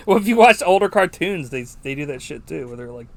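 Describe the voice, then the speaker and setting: A man's voice: on the high side, very animated, fairly quick, vocal fry, slight background noise. A man co-hosting a podcast, chatting casually about a film in a rambling, profane way with many fillers. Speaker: podcast co-host.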